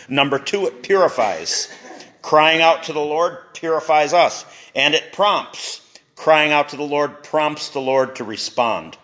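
A man's voice: mid-range voice, a bit bright. Preaching middle-aged man, lo-fi recording. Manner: conversational preaching with chuckles and asides. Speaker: pastor. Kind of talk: sermon.

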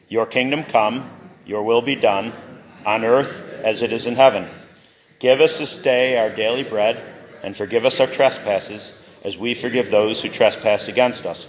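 A middle-aged pastor preaches in a relaxed, conversational way, with chuckles and asides. His voice sits at a middle pitch for a man. The recording is dull and lo-fi. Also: measured pace. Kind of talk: sermon.

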